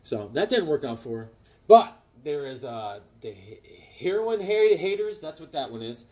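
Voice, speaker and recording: A man's voice: fairly high pitch, moderate pace. A middle-aged man hosting a casual vlog, rambling and joking as he shows comic books and tells stories. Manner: rambling, jokey, animated, acts out voices. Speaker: comic book collector host.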